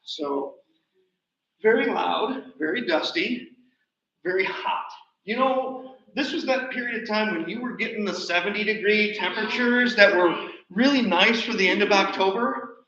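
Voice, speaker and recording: High, bright man telling a birding story. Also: normal speed. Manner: chatty, animated storyteller. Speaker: presenter. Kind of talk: slide show talk. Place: nature center hall. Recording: roomy, distant, dull livestream audio.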